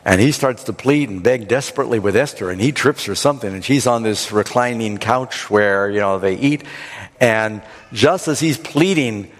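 A man preaching a sermon, retelling a scripture story in an animated, dramatic way. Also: fairly low pitch, moderate pace, long reverb tail. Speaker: pastor.

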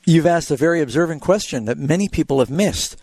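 A man's voice: on the high side, lively intonation, a little fast, a little mellow, husky, no room sound. A man hosting a radio Bible call-in show, answering a caller's questions with explanations and illustrative stories.

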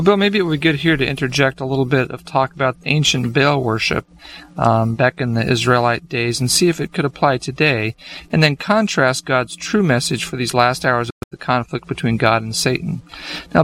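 A man co-hosting a religious discussion, explaining in a steady way. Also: mid-range voice. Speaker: co-host.

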